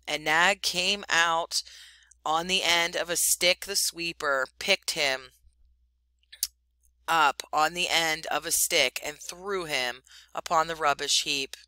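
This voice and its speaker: A woman reads as a boastful, feather-brained little bird from a storybook. He gushes in a high, sing-song way, and the tone stays bright and clear. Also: takes it slowly, dry recording, exaggerated voice. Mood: gushing. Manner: sing-song, gushing, excitable. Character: silly little male tailorbird, boastful and scatterbrained.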